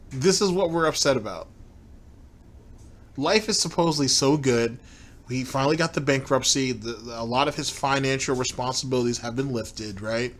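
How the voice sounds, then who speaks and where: A man hosting a commentary show who mocks the clips he plays with sarcastic, laughing remarks. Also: medium pitch. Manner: sneering, laughs at his target. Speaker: commentary host.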